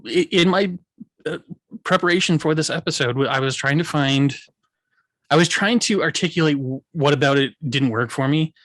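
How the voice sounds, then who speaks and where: A man co-hosting a casual film review chat, laying out his points in a measured, analytical way. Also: on the high side, fairly bright tone, no room sound. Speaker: film review show host.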